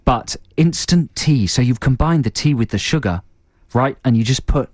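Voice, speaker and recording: A man bantering on a comedy radio show, his pitch bouncing all over as he teases and laughs. He sits close to a studio microphone in a dry, dead room. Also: lively intonation, moderate pace, darkish tone, no echo. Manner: jokey, mock-judging with bursts of laughter. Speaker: radio co-host. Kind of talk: casual comic radio banter.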